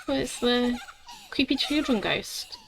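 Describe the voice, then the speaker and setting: A woman's voice: fairly high pitch, lively intonation, slow, creaky, a bit bright, slight background noise. A young woman streamer giving playful, jokey commentary while playing a horror game. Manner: playful, jokey, reads game text aloud. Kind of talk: let's play commentary.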